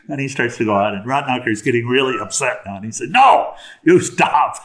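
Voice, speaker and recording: A man, a spiritual teacher, telling a story in a sermon in a relaxed way, with chuckles and many fillers. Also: medium pitch, rapid-fire.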